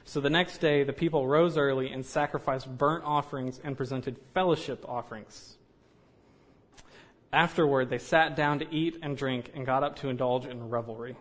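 A man's voice: medium pitch, fairly even intonation, normal speed. A man preaching a sermon in a conversational way, with joking asides and frequent "you know".

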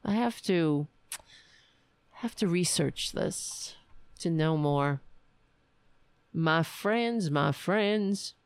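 A woman hosts a casual livestream from home, chatting wryly with her viewers at an unhurried pace. Her voice sits a little low. The sound is dry and close from a home webcam mic. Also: animated, clean tone, no echo. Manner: chatty, wry, talks to her pets in a soft coaxing voice. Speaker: livestream host.

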